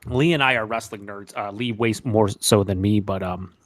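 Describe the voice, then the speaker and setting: A man's voice: fairly low pitch, no room sound. Man, casual chat co-host, laughs a lot, swears, dry close recording. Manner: laughs often, swears, quick asides.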